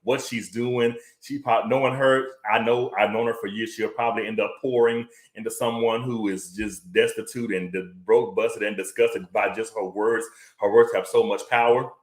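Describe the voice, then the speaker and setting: A man hosting his live web talk show, talking in an excited, chatty way and often repeating himself. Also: fairly low pitch, normal speed, echoey room, poor audio. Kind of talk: energetic livestream monologue.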